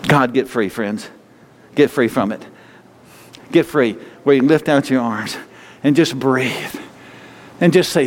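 A man's voice: mid-range voice, slow pace, long pauses, a little hiss or hum. A man preaching a sermon and leading a closing prayer, fervent and repeating phrases for emphasis. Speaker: pastor. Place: church sanctuary. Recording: long hall reverb.

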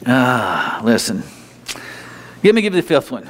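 A male preacher delivering a sermon in a lively, conversational style. His voice sits at an ordinary middle pitch. It carries the long, echoing reverb of a big hall. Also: unhurried, slight background noise. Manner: emphatic, conversational preaching with sudden high mocking whines.

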